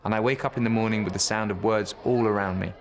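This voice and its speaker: A man reads a children's picture book aloud at bedtime, gentle and unhurried. His voice sits somewhat low. The storytelling stays calm and warm in pace throughout. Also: a little hiss or hum.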